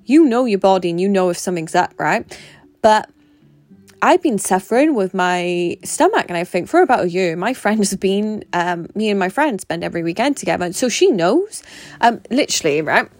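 A woman's voice: medium pitch, expressive, normal speed, darkish tone, no echo. A young woman, talking frankly and swearing freely in a casual vlog monologue. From Britain. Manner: chatty, swears a lot, frank. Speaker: vlogger.

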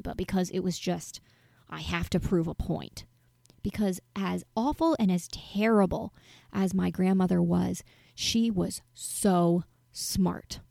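A woman's voice: mid-range voice, creaky, mellow, no echo, clean studio sound. A woman in her twenties telling a childhood story in a candid, rambling way, sometimes dropping to a whisper. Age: 20s. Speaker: vlogger answering viewer questions. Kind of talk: casual storytelling monologue.

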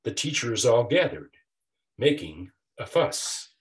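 Older male author reading a children's rhyme aloud, unhurried, with a lively sing-song rise and fall. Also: medium pitch, slight background noise. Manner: rhythmic rhyming delivery. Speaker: author reading his picture book. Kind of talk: storybook read-aloud.

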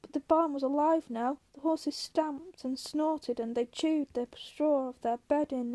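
A woman reading a novel aloud in a steady, measured way. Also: high-pitched, no echo. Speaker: audiobook reader.

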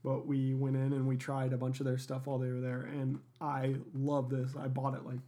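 A man's voice: medium pitch, monotone, normal speed, dark tone. Co-host, man, laid-back home chat, dry little jokes. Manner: easygoing, wry joking. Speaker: podcast co-host. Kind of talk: casual chat.

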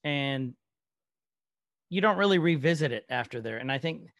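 Animated man on a dry mic. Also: on the high side, moderate pace, vocal fry, no echo. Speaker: podcast co-host. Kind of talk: casual chat.

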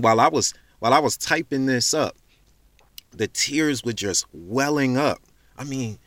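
Male podcast preacher, fervent and repetitive, mid-pitched voice, dry close mic. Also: a bit bright, no room sound. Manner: fervent, preacherly, repeats phrases for emphasis. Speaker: podcast host.

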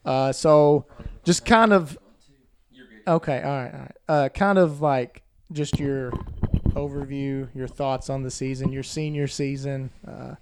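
A man co-hosting a podcast and interviewing a guest, speaking haltingly with fillers and frequent laughs. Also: mid-range voice, fairly even intonation, noisy background.

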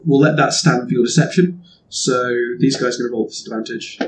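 A man's voice: mid-range voice, brisk, a little hiss or hum. Hesitant man running a tabletop game. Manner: rambling, hesitant, laughs often. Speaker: game master.

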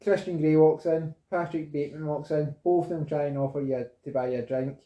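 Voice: mid-range voice, steady tone, a little fast, mellow, echoey room, muffled recording. A speaker in casual podcast chat, teasing and setting up scenarios.

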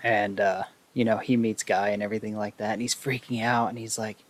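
A man's voice: lowish voice, flat delivery, fairly quick. A man casually recapping a film plot for viewers, rambling with many fillers. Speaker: video host.

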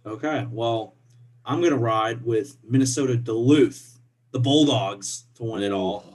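A man's voice: medium pitch, a little slow, a little mellow, breathy edge. A young man from co-hosting a casual sports podcast, playful and laughing often as he trash-talks.

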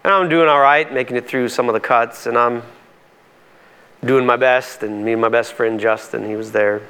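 A pastor preaching a sermon in a conversational, emphatic way, his voice climbing high on key points. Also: steady tone, moderate pace, sharp tone, clean tone.

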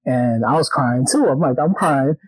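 A man hosting a casual conversation, talking in a loose, conversational way with frequent "you know what I'm saying". His voice is mid-pitched. The sound is dry and close, with no room echo. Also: animated, moderate pace, husky. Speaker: host, teacher.

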